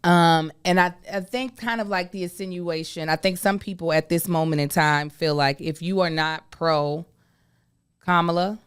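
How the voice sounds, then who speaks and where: A woman with a lowish voice co-hosting a podcast. She explains things in long, casual runs of talk. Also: steady tone, moderate pace, clear, resonant tone. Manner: explains at length, with fillers and restarts. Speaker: podcast co-host. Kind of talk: casual chat.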